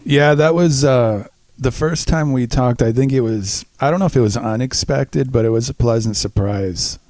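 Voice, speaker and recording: A man's voice: mid-range voice, normal speed, a little mellow, no room sound. A man co-hosting a podcast, talking casually in a reflective, easygoing way. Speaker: podcast co-host. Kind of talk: casual chat.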